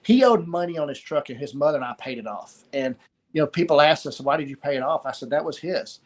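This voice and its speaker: A middle-aged man with a somewhat high voice tells a personal story of loss. He speaks haltingly, pausing often and starting phrases over. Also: lively intonation. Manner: halting, pauses and repeats words. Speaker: guest sharing a story of loss.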